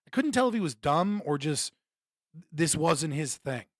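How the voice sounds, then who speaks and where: A man's voice: fairly high pitch, a little slow, no room sound, clean studio sound. A young man live-streaming his reactions, ranting bluntly and mockingly with lots of swearing. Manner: blunt, profane, mocking, animated rants. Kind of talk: casual live-stream commentary.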